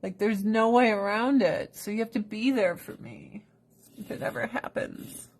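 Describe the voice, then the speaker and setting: A woman's voice: on the high side, moderate pace, slight background noise. A middle-aged woman talking casually to her viewers, telling a story about her best friend in a blunt, profane way and quoting her friend's lines. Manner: quotes friend with shifting voice. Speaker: vlogger. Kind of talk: casual chat to camera.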